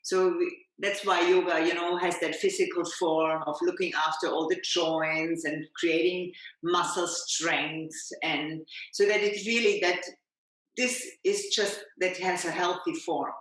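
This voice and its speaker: Brief: woman yoga teacher guest, lowish voice, gentle reflective talk, very echoey room. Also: fairly even intonation, a little slow. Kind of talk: reflective conversational chat.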